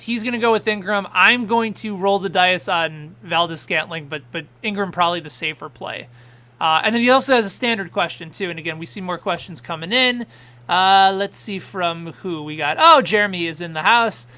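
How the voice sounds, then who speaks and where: Bright-voiced man hosting a fantasy football show. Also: high-pitched, smooth. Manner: excitable, quick back-and-forth, reading out viewer questions. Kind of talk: live fantasy sports talk show.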